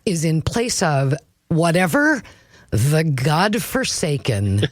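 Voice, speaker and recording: A woman co-hosting a talk radio show, chatting in a wry, self-deprecating and animated way. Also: deep voice, takes it slowly, no room sound, studio quality. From Minnesota. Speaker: radio co-host. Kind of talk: casual talk radio chat.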